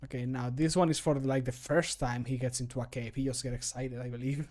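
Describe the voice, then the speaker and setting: A man's voice: medium pitch, flat delivery, a little fast, few pauses, a little mellow. A man streaming, chatting casually and critiquing his own recordings, often laughing, into a studio microphone. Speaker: streamer and modder.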